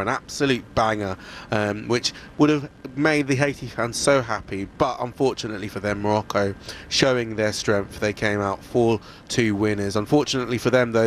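A man giving a radio sports report, lively and conversational, with frequent fillers. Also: medium pitch, moderate pace, a little hiss or hum. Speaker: sports presenter.

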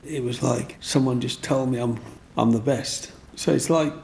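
A man's voice: medium pitch, fairly even intonation, normal speed, vocal fry, darkish tone. A man telling stories from his life in an interview, rambling and repeating himself as he goes. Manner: rambling, repeats himself, often says "you know what I mean". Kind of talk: storytelling in an interview.

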